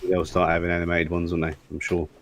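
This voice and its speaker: A man playing in a tabletop game, tossing in quick jokey asides. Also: sits low, completely flat delivery. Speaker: player. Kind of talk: casual tabletop play.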